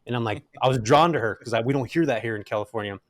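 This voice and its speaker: A middle-aged man telling his story as an interview guest, animated and casual, with frequent fillers. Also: mid-range voice, very fast, no echo, clean studio sound. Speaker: guest, rental investor.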